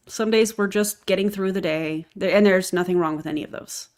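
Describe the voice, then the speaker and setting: A woman's voice: mid-range voice, a little fast, darkish tone. Sarcastic woman reacting to a video. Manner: sarcastic and exasperated. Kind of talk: reaction commentary.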